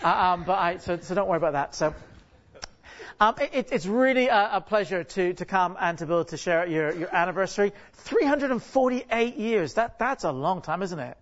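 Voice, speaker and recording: A man's voice: sits high, expressive, a little fast, a bit bright. A man giving a conversational, joking sermon from a church stage, often stopping to ask the congregation questions and restarting his sentences. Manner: chatty, jokey, asks the congregation many rhetorical questions; frequent restarts and repeated words. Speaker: guest preacher. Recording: dull lo-fi recording.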